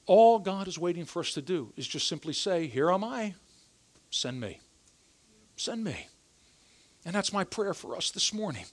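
A middle-aged male pastor delivers a sermon in a conversational, emphatic way. His voice sits high and swings widely in pitch, pushing up on key words and dropping low on quiet asides. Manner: emphatic, conversational preaching with rising and falling emphasis.

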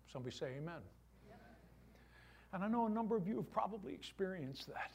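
Animated preaching man, lively pitch. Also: brisk, gravelly, husky. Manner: animated preaching with voiced asides. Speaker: pastor. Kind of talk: sermon. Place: church.

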